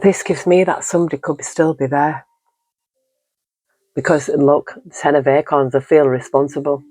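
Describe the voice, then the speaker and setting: A man's voice: fairly high pitch, fairly even intonation, normal speed, darkish tone, no room sound, low-quality recording. A man giving an earnest, encouraging tarot card reading, rambling and repeating himself often. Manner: rambling and repetitive, leaning on "you know". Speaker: tarot reader.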